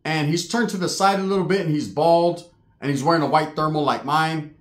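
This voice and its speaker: Profane, animated man telling a story. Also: fairly high pitch, a little fast. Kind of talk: casual storytelling. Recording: echoey room.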